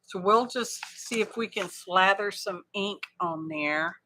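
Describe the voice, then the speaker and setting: A woman chats through a craft livestream, thinking out loud as she works. Her voice is bright and clear, and she takes her time, drawling through relaxed, folksy asides. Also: mid-range voice, measured pace. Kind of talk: casual craft livestream chat.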